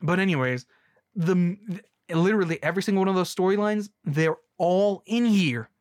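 A man's voice: high-pitched, fairly quick, no echo, clean studio sound. A young man ranting casually about a movie, rambling and sarcastic, with many restarts. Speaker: movie reviewer.

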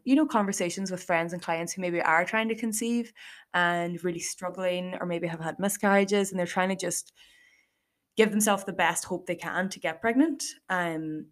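A young woman with an Irish accent talks to her listeners in a relaxed solo podcast. Her speech is chatty and rambling, full of fillers and little acted-out quotes. Her voice sits slightly low for a woman. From Ireland. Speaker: podcast host. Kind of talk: casual solo podcast monologue.

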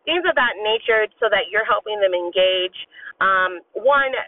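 Mom giving earnest parenting advice, a touch hoarse, lots of ums, thin phone-like audio. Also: female voice, mid-range voice, lively intonation, measured pace, recorded from a distance, a little hiss or hum. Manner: earnest, direct, many filler ums. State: slightly hoarse. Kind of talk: casual advice talk. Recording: tinny phone-like sound.

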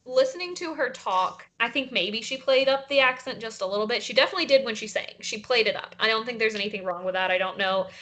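A woman's voice: fairly high pitch, fast, few pauses, bright, forceful tone. A young woman from South Carolina with a light Southern accent, chatting casually as a podcast co-host and using many fillers. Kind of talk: casual chat.

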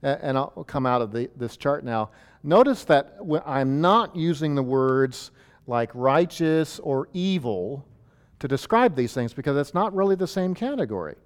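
In a church hall with long reverb, a pastor teaches from a chart in a loose, lively, conversational way. He restarts sentences, fills pauses with fillers, and his pitch swings up and down animatedly.

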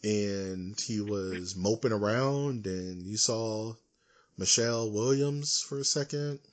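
A man co-hosting a casual podcast, ranting in an animated, emphatic way. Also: lowish voice, takes it slowly. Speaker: podcast co-host. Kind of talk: casual chat.

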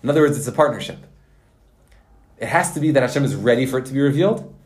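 A man teaching a Torah lesson to yeshiva students, telling stories in a lively, folksy way with Hebrew and Yiddish words. His voice sits at an ordinary middle pitch, and the sound rings in a roomy space. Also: fast talker. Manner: animated, folksy storytelling with Hebrew and Yiddish terms. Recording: roomy echo.

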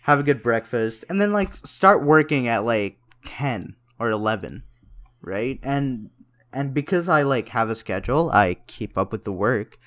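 A man's voice: mid-range voice, expressive, unhurried, a bit bright. A young man chatting casually about student life, swearing often and leaning on fillers like "you know" and "like.". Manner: loose and profane, lots of fillers. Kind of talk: casual chat.

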